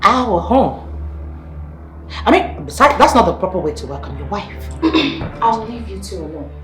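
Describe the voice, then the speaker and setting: A woman's voice: medium pitch, big pitch swings, normal speed, a bit bright. A woman with a Nigerian accent playing a defiant, taunting wife in a film scene. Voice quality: taunting, dismissive. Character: brash defiant wife, adult, provocative. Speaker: estranged wife. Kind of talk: Nollywood film acting. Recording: echoey room with music behind.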